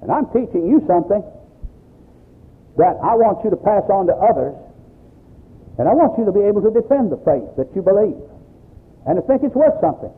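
A man's voice: high-pitched, sing-song, brisk, long pauses, breathy edge. A Baptist pastor preaching an emphatic sermon to his congregation, quoting scripture as he goes. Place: church service. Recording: tinny phone-like lo-fi recording.

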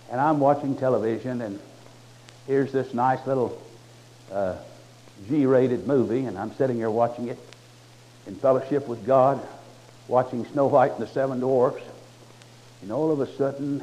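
A man's voice: mid-range voice, a little mellow. A man preaching a sermon in a folksy, conversational way with touches of humor. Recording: muffled lo-fi recording.

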